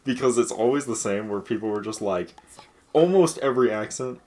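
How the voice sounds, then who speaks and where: A man's voice: medium pitch, brisk, a little mellow. A young man from Massachusetts with a light Boston accent, chatting casually and laughing over a video game. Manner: rambling, laughing, swears freely. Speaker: game streamer. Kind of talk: casual chat over gameplay.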